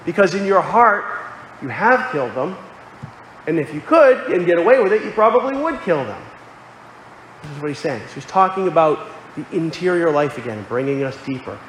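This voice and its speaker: A man's voice: fairly high pitch, very animated, fairly quick, fairly bright tone, a little hiss or hum. A man preaching a sermon, earnest and explanatory, quoting scripture aloud. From Connecticut. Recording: echoey hall with faint ambience.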